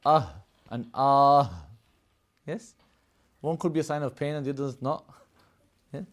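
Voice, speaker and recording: His pitch is fairly high and his intonation fairly even, with a dark tone and a slightly quick pace. A religious studies teacher in a live lesson, he explains at length, laughs often, and keeps checking in with "Yes?" and "Yeah?"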